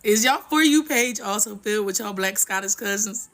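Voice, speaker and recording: A woman in a casual social media clip, talking in a slow, laid-back, amused way. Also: medium pitch, fairly bright tone.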